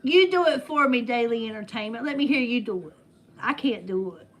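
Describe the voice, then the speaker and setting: A woman hosts a casual trivia game with friends, reading out questions and answers in a playful, teasing way. Her voice is a little high and brisk, with lively intonation.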